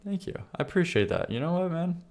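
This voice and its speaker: A man's voice: sits high, big pitch swings, quick pace, darkish tone. Wry, laughing streamer man. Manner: laughing asides, mumbled muttering, wry sarcasm. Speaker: streamer reviewing viewer song submissions. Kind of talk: casual live-stream reaction.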